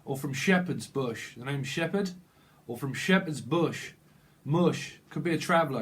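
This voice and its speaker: A man's voice: medium pitch, animated, a little slow. A man with a British accent giving a solo tarot reading, rambling and joking as he talks himself back on track. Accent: British English. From Britain. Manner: rambling, jokey, self-interrupting. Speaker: tarot reader.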